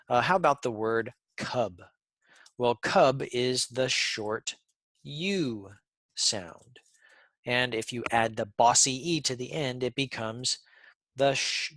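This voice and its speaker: A man teaching a pronunciation lesson, speaking deliberately and repeating sounds for learners. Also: mid-range voice, a bit bright, no echo.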